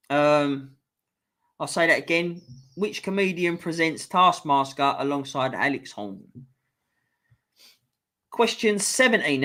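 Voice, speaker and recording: A young man with a London accent reads out quiz questions on a casual live stream. His voice sits a little high for a man. He swears freely and drifts into offhand banter between the questions. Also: fairly bright tone. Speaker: quiz host.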